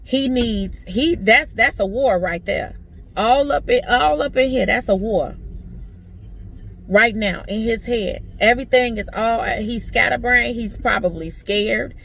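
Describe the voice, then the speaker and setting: Middle-aged woman, gravelly fry in her voice, earnest and preachy, halting restarts, faint car hum behind. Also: on the high side, fairly bright tone. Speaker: vlogger and mother. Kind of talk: emotional personal vlog.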